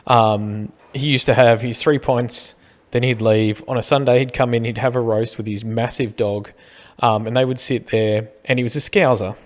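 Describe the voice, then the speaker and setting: A man's voice: medium pitch, fairly even intonation, moderate pace. Rambling Australian man, podcast co-host. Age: middle-aged. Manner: rambling, argumentative, repeats words. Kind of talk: casual chat.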